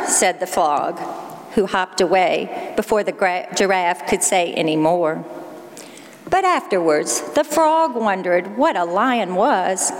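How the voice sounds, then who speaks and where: Woman preacher telling a story, slow and steady, big church reverb. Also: fairly low pitch. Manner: measured, storytelling. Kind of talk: sermon storytelling.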